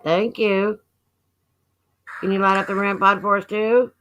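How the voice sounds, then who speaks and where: A chatty, folksy woman talks on a casual livestream from her home, laughing easily as she goes. Her voice is bright and forward at a middling pitch. A faint hiss sits under the recording. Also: steady tone, measured pace, highs cut off. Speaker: livestream host. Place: at home, indoors.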